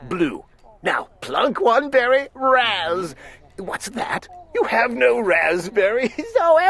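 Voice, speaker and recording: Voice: medium pitch, gravelly, a bit bright, husky, heavily acted. A storybook reader voicing a greenish male glunk creature, smug and sweet-talking as he chatters on. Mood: coaxing. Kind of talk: storybook reading.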